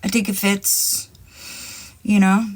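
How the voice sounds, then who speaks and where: A woman's voice: mid-range voice, level tone, slow pace. A woman hosting a live stream in casual chat, brash and profane, taunting her rivals and rambling to her chat on a phone mic. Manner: rambling, talks straight to chat. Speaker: livestream host.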